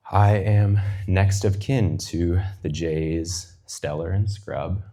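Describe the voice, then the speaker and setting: A man in his twenties giving an unhurried, poetic reflection, lingering over long lists and sometimes dropping to a near-whisper. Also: deep voice, mellow. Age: 20s. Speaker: guest speaker. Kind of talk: reflective personal reading.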